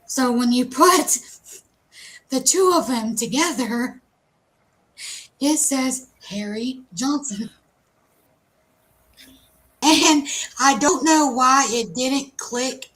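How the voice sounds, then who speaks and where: A woman co-hosting a live stream, telling a self-mocking story in a casual, animated way. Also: high-pitched, extremely slow, long pauses, poor audio. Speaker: co-host.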